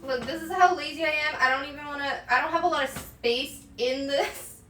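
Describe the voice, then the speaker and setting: A woman's voice: high voice, a little fast, pushed and bright, distant mic. A woman chatting casually on a stream while she cooks, rambling with lots of fillers and giggles. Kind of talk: casual chat while cooking. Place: home kitchen. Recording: roomy sound from away from the mic, faint background noise.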